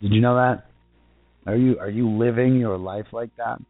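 A man preaching an informal sermon in earnest, asking rhetorical questions and repeating himself, and reading scripture slowly. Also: mid-range voice, steady tone. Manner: slow deliberate scripture reading. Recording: tinny phone-like sound with faint music.

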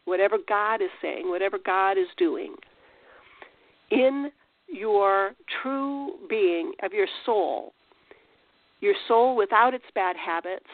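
A Christian teacher with a medium-pitched, gravelly voice gives an informal, conversational spiritual talk, restarting sentences and asking rhetorical questions. The recording is dry, without echo, and sounds tinny, like a phone.

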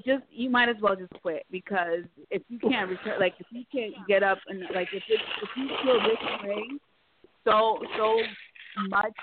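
A woman's voice: medium pitch, very noisy. A woman co-hosting a casual chat show, telling a story with many fillers and restarts. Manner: halting, filler-heavy storytelling. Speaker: co-host. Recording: tinny phone-like sound.

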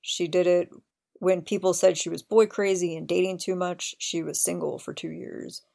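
A woman's voice: lowish voice, fairly even intonation, moderate pace, vocal fry, darkish tone. A woman hosting a podcast, eagerly recounting scenes in detail with open admiration. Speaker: podcast host. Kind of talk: casual chat.

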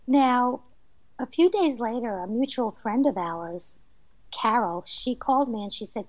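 A fairly high-voiced woman with a New Jersey accent tells her stories with animated energy and breaks into laughter along the way. The sound is dry and close, and the audio is dull and lo-fi. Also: moderate pace, no echo. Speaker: medium, podcast guest. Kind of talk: casual storytelling interview.

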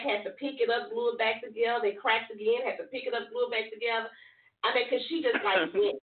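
A woman hosting, reflecting earnestly on life lessons in a preachy, slangy way. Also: fairly high pitch. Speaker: host. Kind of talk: reflective motivational talk. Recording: distant echoey phone line.

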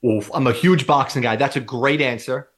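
A man hosting a casual podcast interview, asking quick questions and reacting eagerly with slang like "bro.". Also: medium pitch, fairly bright tone. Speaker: podcast host.

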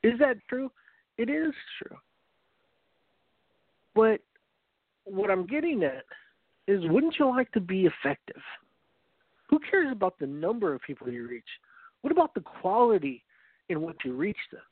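A high-voiced man preaches earnestly, telling a story and often restarting his phrases. The sound is dry and narrow, like it came over a phone line. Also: very animated, measured pace, pauses often, dry recording. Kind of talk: evangelistic teaching talk.

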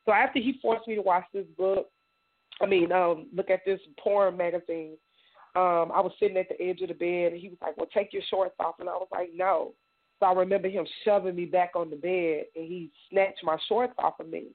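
A middle-aged woman from Indiana recounts her past in a radio interview, her voice thin and phone-like. She talks haltingly, doubles back on her words, and voices the people in her story as she goes. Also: lowish voice, steady tone. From Indiana, United States. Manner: halting, repeats words, acts out others' lines. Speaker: guest survivor telling her story. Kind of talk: personal testimony in a radio interview. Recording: tinny phone-like radio sound.

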